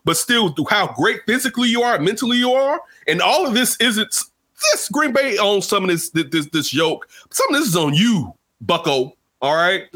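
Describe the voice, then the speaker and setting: A man hosting casual sports talk, animated and rambling, jumping from loud outbursts to low asides. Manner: rambling, restarts often.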